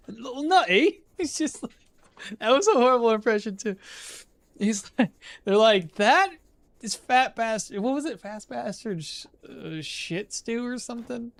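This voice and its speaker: High-voiced man chatting while gaming. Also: lively intonation, measured pace, gravelly, a bit bright, no echo. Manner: rambling, chuckles often, trails off into asides. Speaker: game streamer. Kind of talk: casual live-stream chat while playing.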